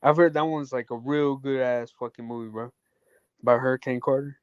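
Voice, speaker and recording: A man's voice: mid-range voice, fairly even intonation, brisk, smooth, dry recording. A man co-hosting a casual chat, talking in laid-back slang and saying "bro" often. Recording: dull dry lo-fi mic.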